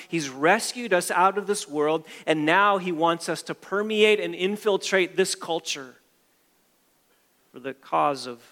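Man, pastor, emphatic sermon, repeats and restarts phrases, somewhat high voice, reverberant hall. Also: fairly bright tone.

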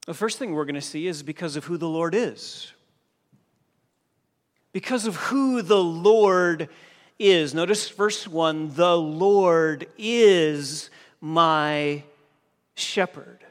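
A man preaching a sermon as a pastor, slow and emphatic, pressing hard on key phrases. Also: on the high side. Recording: long reverb of a large hall.

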